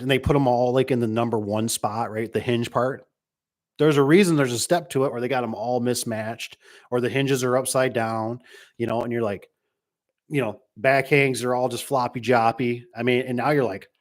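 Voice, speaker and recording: A man's voice: mid-range voice, fairly quick. Middle-aged male business owner, loose rambling monologue, drops into quoted voices. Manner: rambling, acts out quoted people. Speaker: garage door business owner. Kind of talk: casual monologue reading comments.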